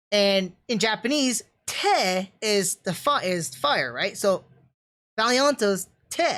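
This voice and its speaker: A woman's voice: a little high, fairly bright tone. A woman reviewing anime on a live stream, enthusiastic and rambling, full of fillers and restarts. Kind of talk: casual livestream review.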